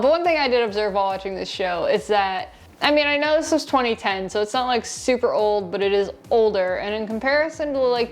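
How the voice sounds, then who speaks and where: A woman reviewing a film in a casual, sarcastic, rambling way, recorded on a lapel mic in her shirt. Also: medium pitch. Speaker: movie reviewer.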